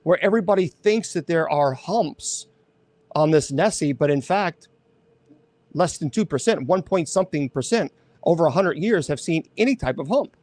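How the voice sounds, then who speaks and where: Male host, casual chat, rambling and animated, slightly high voice, dry close sound. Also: moderate pace, no echo. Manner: rambling, animated, self-correcting.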